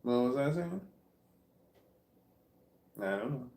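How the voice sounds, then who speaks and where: Taking it slowly, a Midwestern American man meanders through a self-deprecating vlog monologue, repeatedly losing his train of thought. His voice is medium-pitched, expressive, and mellow, recorded on a nearby phone or camera with a roomy sound.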